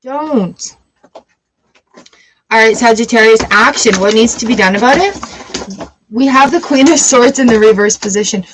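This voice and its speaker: A woman giving a casual tarot reading, chatty and encouraging, with lively outbursts. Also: fairly high pitch, fairly quick, noisy background. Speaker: tarot reader.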